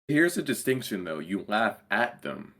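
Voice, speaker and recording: A man's voice: fairly low pitch, big pitch swings, normal speed, bright, forceful tone. A man trading blunt, provocative jokes in casual podcast banter.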